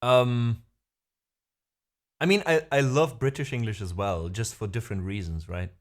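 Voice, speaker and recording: A man's voice: mid-range voice, unhurried. A young man hosting a livestream, chatting with viewers in a rambling, hesitant way with many fillers. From Germany. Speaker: livestream host. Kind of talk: casual chat with viewers. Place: home room.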